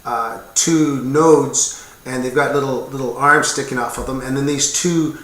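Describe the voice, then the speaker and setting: 50s guy, ex-military, rambling earnest chat to camera, sharp bright voice, echoey room. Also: mid-range voice, fairly even intonation, a little slow. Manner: earnest, rambling, with small asides and jokes. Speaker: military veteran sharing his experience. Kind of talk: casual explanatory talk to camera.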